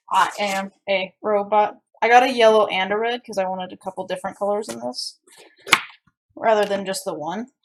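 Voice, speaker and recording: A woman's voice: mid-range voice, brisk, a little hiss or hum. A young woman streaming herself as she cooks, chatting casually with her chat and rambling with frequent restarts. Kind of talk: casual chat while cooking and reading chat. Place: home kitchen.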